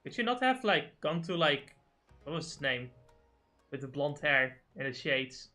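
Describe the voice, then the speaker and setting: A man's voice: on the high side, big pitch swings, unhurried, bright, forceful tone, soft background music. A man streaming a video game, chatting casually with a friend, swearing a lot and mocking the dialogue. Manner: profane, ranting, reads game dialogue aloud mockingly. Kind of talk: casual gaming chat.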